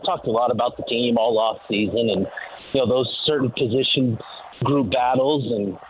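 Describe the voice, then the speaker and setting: A man's voice: medium pitch, fairly even intonation, normal speed, a little hiss or hum. A man calling in as a team insider, giving casual sports analysis with many fillers while walking to the stadium. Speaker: team insider on phone line. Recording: tinny phone line.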